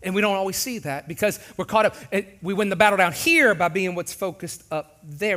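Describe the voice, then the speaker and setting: Animated, bright-voiced preacher man. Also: high-pitched, normal speed. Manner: animated, jokey, acts out voices. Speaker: pastor. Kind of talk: sermon.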